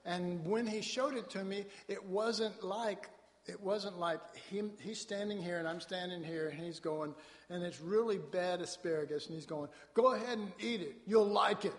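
A man's voice: high voice, steady tone, moderate pace. A man from Dallas, Texas, preaching a sermon in a folksy, storytelling way with colloquial asides. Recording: long hall reverb.

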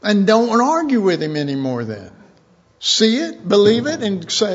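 A man's voice: high-pitched, huge pitch swings, measured pace, muffled recording. A man preaching an informal sermon in a rambling, folksy way, chuckling now and then.

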